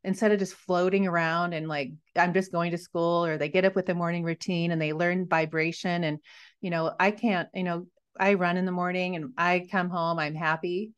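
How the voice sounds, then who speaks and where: A woman's voice: fairly low pitch, fairly even intonation, clear, resonant tone, lo-fi sound. Rambling mother as an interview guest. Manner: rambling, halting, enthusiastic. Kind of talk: conversational interview.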